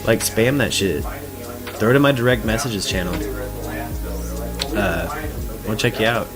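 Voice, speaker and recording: A man with a Southern US accent hosting a late-night stream, loose and profane, laughing often as he talks. His voice sits slightly low. Music runs behind him throughout. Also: animated, moderate pace. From Arkansas. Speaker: streamer and talk host.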